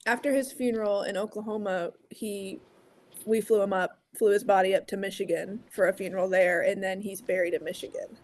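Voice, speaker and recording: A woman's voice: medium pitch, steady tone, a little fast, darkish tone. Woman client giving short answers. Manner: brief answers, laughs easily. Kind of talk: casual chat.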